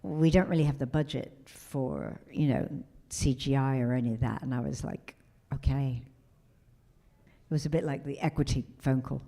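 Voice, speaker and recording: A middle-aged woman, guest of honor at a convention panel, telling lively stories and acting out quotes. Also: very deep voice, moderate pace. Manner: animated storyteller who acts out quotes.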